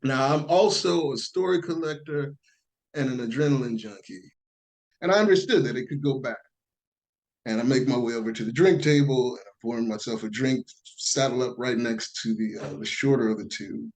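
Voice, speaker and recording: A man talking casually as a podcast guest, telling a story in an animated way and acting out the voices of people he quotes. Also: mid-range voice, moderate pace, rough recording.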